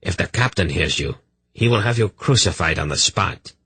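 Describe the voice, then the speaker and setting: A man's voice: low-pitched, expressive, normal speed, bright, forceful tone, slightly rough, no room sound, full character voice. A man voicing a nervous, world-weary soldier who speaks wryly and cautiously. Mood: wary.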